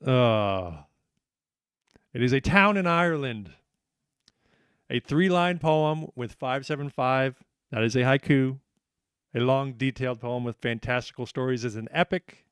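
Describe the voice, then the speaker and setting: A man's voice: medium pitch, a little slow, long pauses, smooth, no echo, clean studio sound. A man hosting a live trivia night, upbeat and joking, reading out questions and answers and teasing the players. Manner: upbeat, joking, self-deprecating.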